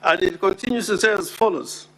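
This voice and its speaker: A man making a formal legal argument before the Senate as counsel, deliberate and emphatic, repeating key words for weight. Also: sits high, a bit bright, rough recording. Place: Senate chamber.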